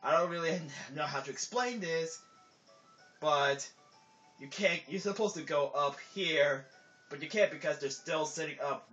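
A man's voice: a little high, unhurried, fairly bright tone. A man casually commenting on his gameplay in a slightly raised voice, rambling through explanations full of filler words. The recording is dull and lo-fi, with faint game music running behind him. His thoughts often trail off before he finishes them. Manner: rambling, filler-heavy, trails off mid-sentence. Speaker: let's play commentator.

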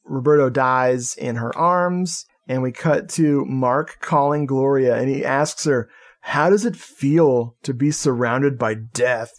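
A man's voice: medium pitch, slow. A man co-hosting a podcast, recapping a movie plot in casual chat, jokey and profane, laughing often. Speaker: podcast co-host.

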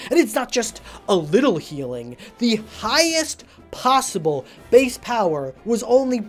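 A woman narrating her own comedy video in a swinging, expressive voice that climbs and drops freely. She plays every line for drama. Soft music runs underneath her. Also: fairly high pitch, unhurried, few pauses. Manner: melodramatic, theatrical ranting. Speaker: video creator.

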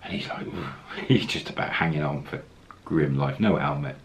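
A man's voice: rumbling low, fairly quick, a little hiss or hum. A man casually telling a travel story, acting out the quoted lines as he goes. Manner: anecdotal, acts out quoted lines, chuckles.

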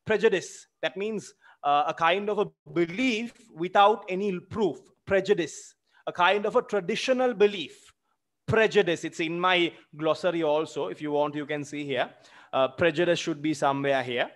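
A man teaching a literature lesson, halting with many fillers and checks. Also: a little high. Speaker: literature lecturer.

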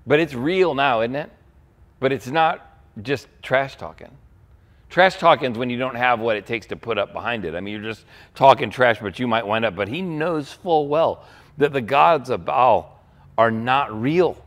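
Animated male pastor preaching. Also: fairly high pitch. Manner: animated storytelling, acts out quotes. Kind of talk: sermon.

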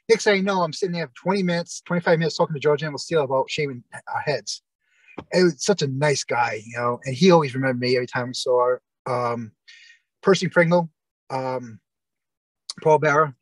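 A man's voice: fairly high pitch, fairly quick, no room sound, low-quality recording. A man telling long, rambling stories as the guest in an interview, often restarting and quoting what people said. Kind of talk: casual storytelling interview.

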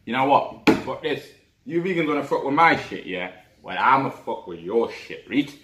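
A man's voice: mid-range voice, sing-song, normal speed, far from the mic, noisy background. A man from Africa with a Geordie accent, delivering an angry, profane comic rant. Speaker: comic vlogger. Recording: echoey room, off-mic.

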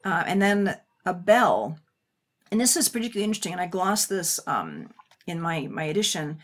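A woman guest on a podcast, an editor of a poetry edition, explaining eagerly and quickly with frequent restarts. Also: on the low side, big pitch swings.

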